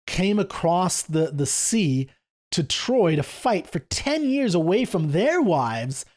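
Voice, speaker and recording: Animated man explaining an epic poem. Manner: animated, reads quoted speeches slower and lower. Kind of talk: casual lecture with read-aloud quotes.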